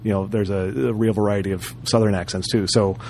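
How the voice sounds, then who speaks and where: A man's voice: fairly low pitch, fairly even intonation, fairly quick, mellow, a little hiss or hum. A man co-hosting a podcast, chatting casually with lots of fillers and restarts. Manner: rambling, many fillers and restarts. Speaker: podcast co-host. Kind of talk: casual chat.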